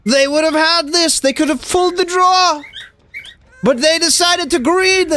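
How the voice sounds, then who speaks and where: Lively streamer. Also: high voice, a little fast, a little hiss or hum. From South Africa. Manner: animated, slangy, talks straight to chat. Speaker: game streamer. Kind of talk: casual live-stream commentary.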